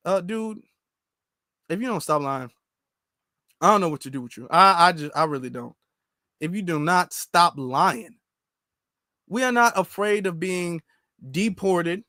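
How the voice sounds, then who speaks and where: Brief: male reaction commentator, high voice, dry close mic, exasperated and mocking. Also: animated, unhurried, bright, forceful tone, dry recording. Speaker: commentary channel host.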